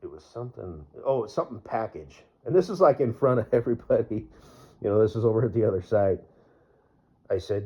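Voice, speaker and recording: A man's voice: lowish voice, lively intonation, fairly quick. A man vlogging in a casual, rambling way, full of fillers and laughing at his own jokes. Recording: dull lo-fi recording.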